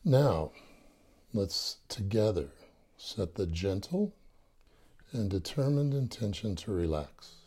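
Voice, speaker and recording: A man leading a guided meditation, calm and soft-spoken with touches of light humor. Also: on the low side, slow, pauses often, slightly rough. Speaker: meditation teacher.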